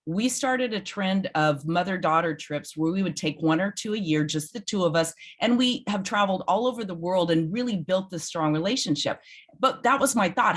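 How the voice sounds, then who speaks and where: A woman in her fifties speaks as a guest business coach in a relaxed interview, her voice sitting low. She recounts things with animated, heartfelt storytelling.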